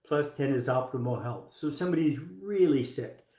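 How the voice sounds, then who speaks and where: Male health coach, casual and joking, middle pitch, roomy echo. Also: moderate pace, mellow. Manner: casual, joking, acts out examples. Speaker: health coach teaching doctors. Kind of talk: live-streamed coaching talk.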